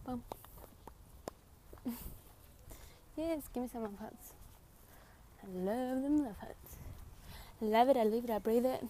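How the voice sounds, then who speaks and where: Eighteen-year-old woman, rambling giggly livestreamer, higher voice, noisy phone audio outdoors. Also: takes it slowly, pauses often, warm tone. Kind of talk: casual livestream chat. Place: outdoors in a city.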